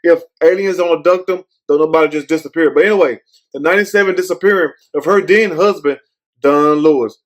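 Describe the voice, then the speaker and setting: Guy ranting on his own commentary show, kinda high voice, swears a lot, keeps saying but anyway. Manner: rambling, repeats "but anyway"; blunt, profane. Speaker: show host. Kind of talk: casual commentary.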